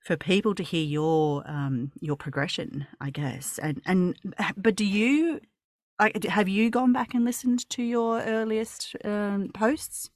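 A woman's voice: mid-range voice, unhurried, a little mellow, dry recording, studio quality. A woman interviewing a guest in a casual conversation, effusive and rambling, with many fillers and restarts.

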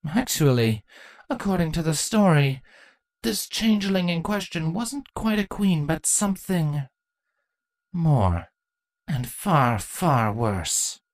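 A woman voicing a proud, sardonic female changeling queen who speaks in a deadpan, matter-of-fact way, in a fan fiction reading. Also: low-pitched, takes it slowly, dry recording, pitched above the performer's own voice, full character voice.

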